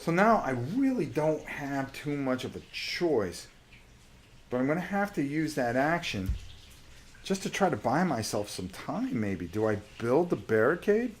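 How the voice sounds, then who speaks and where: A man with a sore voice talks slowly through a solo board wargame on a live stream. He mutters to himself as he checks the rules, with a faint hum of noise behind him. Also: on the high side, very animated. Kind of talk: casual live-stream gameplay commentary.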